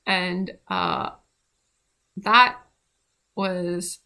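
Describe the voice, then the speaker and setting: A woman's voice: on the low side, huge pitch swings, very slow, pushed and bright. A young woman casually telling a rambling personal story about her midwifery training, with many fillers and restarts.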